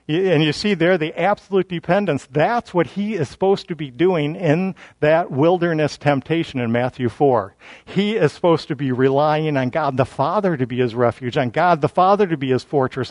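A man's voice: fairly high pitch, no echo. A man teaching a verse-by-verse sermon in a conversational, self-deprecating way, often restarting his sentences as he explains scripture. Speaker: Bible teacher.

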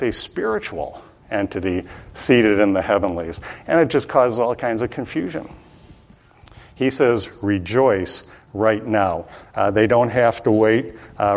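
Earnest man teaching the Bible. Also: fairly low pitch. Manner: earnest, repetitive, many "uh" fillers. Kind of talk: sermon, verse-by-verse Bible teaching.

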